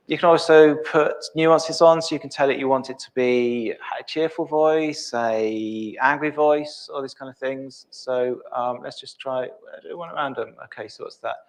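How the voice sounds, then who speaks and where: A middle-aged man presenting a live software demo, thinking aloud with many ums and restarts. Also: a little high, steady tone, measured pace.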